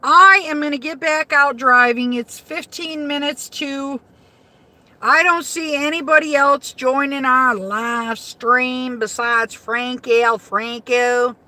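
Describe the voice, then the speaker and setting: Woman from Michigan, high bright voice, unhurried salty car chat, livestream host. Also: steady tone. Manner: chatty, salty, laughs easily. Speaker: rideshare driver livestreaming. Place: inside a car.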